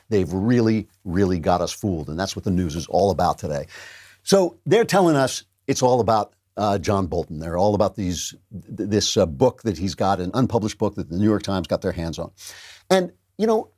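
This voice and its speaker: A man's voice: on the low side, warm tone. Guy hosting a political talk show, sarcastic, hammers the same points over and over. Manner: sarcastic, emphatic, repetitive. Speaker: host. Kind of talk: political commentary.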